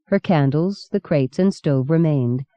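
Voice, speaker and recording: A woman narrating an audiobook in a measured, steady reading. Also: sits low, no echo. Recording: dull lo-fi cassette recording.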